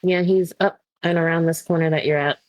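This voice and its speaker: A woman's voice: on the low side, steady tone, fairly quick, dry recording. Woman co-player, affectionate advice-giver, casual chat, dry close sound. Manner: affectionate, advising. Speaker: co-player friend.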